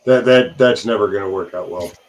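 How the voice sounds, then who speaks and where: A man's voice: on the low side, brisk. A man hosting a casual chat, dropping dry joking asides. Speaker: host.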